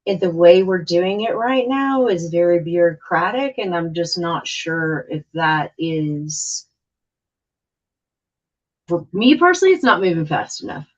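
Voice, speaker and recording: A woman's voice: on the low side, expressive, measured pace, dull audio. A woman on a board meeting video call, speaking frankly but hesitantly, with many fillers. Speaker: housing board member. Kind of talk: meeting discussion.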